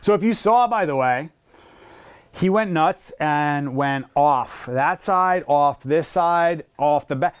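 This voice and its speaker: A male dog trainer giving a casual, hands-on lesson, explaining with quick asides and breaking off to praise the dog. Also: on the high side, clear, resonant tone. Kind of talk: casual instructional talk.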